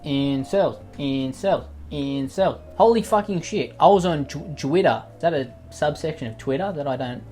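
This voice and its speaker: A man's voice: on the high side, lively intonation, moderate pace, few pauses, darkish tone, faint music behind. A man doing sarcastic, mocking comedy commentary, swearing freely as he reacts to posts. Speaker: commentary YouTuber.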